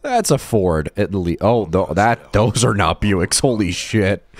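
A man's voice: deep voice, animated, normal speed, hardly any pauses, dry recording. A young man giving casual, sweary, self-deprecating commentary while playing a video game, rambling and laughing at his own jokes. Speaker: gaming YouTuber.

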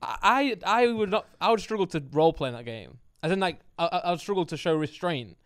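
A man's voice: high voice, expressive, a crowd in the background. A young man co-hosting a podcast, chatting casually and telling playful, jokey stories full of fillers. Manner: quick, jokey, playful storytelling with lots of fillers. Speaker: podcast co-host. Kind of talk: casual chat.

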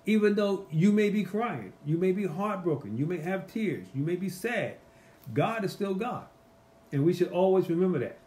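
A man teaching a casual Bible study, animated and emphatic, asking the group rhetorical questions. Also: high voice, moderate pace.

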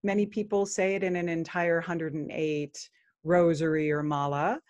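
A woman guest on a podcast interview, calmly explaining a spiritual practice. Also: fairly low pitch, muffled recording. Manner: calm, unhurried explaining. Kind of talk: interview, chanting a mantra.

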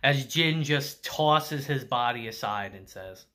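A man recapping an anime episode in casual review style, animated and emphatic, swearing freely. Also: medium pitch, slow.

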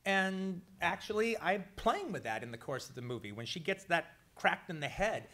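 A man, a writer and filmmaker, answering a question at a press conference, halting with many fillers. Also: high voice, big pitch swings, sharp tone.

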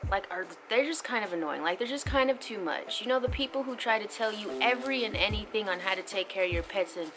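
A woman's voice: fast, noisy background. A young woman vlogging casually to her viewers, chatty and informal, just woken up. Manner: chatty, switches to high baby talk for her puppy. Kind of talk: casual vlog chat.

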